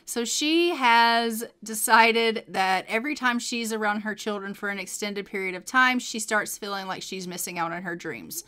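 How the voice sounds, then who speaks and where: Bright-voiced woman narrating gameplay. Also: mid-range voice, moderate pace, hardly any pauses, clean tone. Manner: chatty, story-telling commentary. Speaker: game channel host. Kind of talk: let's play narration.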